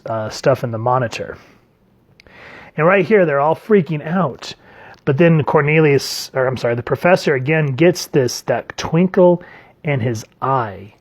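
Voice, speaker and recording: A man gives a casual spoken review of a comic book. He is chatty and enthusiastic and leans on filler words as he goes. His voice sits at an ordinary middle pitch for a man.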